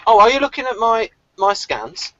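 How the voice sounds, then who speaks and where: Male host, casual call discussion, animated and fairly high-pitched, dull lo-fi audio. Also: normal speed, crowd noise. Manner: lively, animated, laughs often. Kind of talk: casual online group discussion. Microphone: video call.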